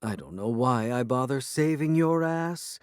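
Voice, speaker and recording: A man's voice: medium pitch, lively intonation, a little slow, clear, resonant tone, dry recording, studio quality, pitched above the performer's own voice, close to an everyday voice. A man voicing a sardonic, gluttonous female cat who is a trapped succubus, grumbling and impatient in an audiobook.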